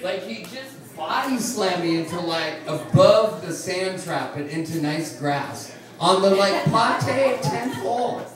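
A man's voice: high-pitched, animated, slow, few pauses. A man telling a rambling, profane story to a live bar audience, laughing as he goes. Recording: echoey room, distant mic, crowd noise.

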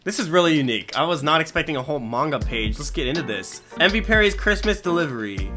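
A man's voice: a little high, pushed and bright. A man hosting his channel, giving playful, enthusiastic commentary on fan art and chuckling often. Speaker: channel host judging an art contest. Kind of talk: casual commentary.

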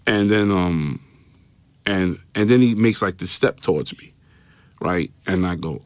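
Unhurried and smooth, with a fairly low, expressive voice and long pauses, a man with a New York accent tells a personal story as an interview guest on a podcast. He acts out quoted voices, keeps repeating "right?", and tells it loosely and repetitively. He is recorded on a studio mic in a podcast studio.

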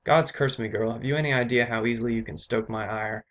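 A man's voice: mid-range voice, steady tone, fast talker, fairly bright tone, lightly acted. A man voicing a stern, commanding noble father who is an earl, speaking firmly with a raised voice.

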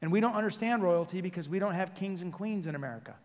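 A man preaching a sermon as senior pastor, joking and telling stories with quick self-corrections, in a church sanctuary. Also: sits high, long reverb tail. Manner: jokey, animated storytelling with self-corrections.

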